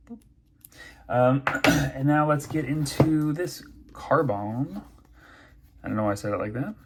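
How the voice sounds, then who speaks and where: Man in middle pitch, relaxed reviewer talking off the cuff. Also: slight background noise. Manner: chatty, thinking aloud with many fillers. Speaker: knife and pen reviewer. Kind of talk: casual unboxing review.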